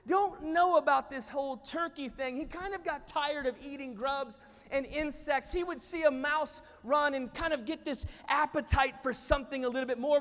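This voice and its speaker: A pastor preaching a sermon in a church, telling a story in an animated way with playful asides. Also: male voice, very high voice. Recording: church hall reverb.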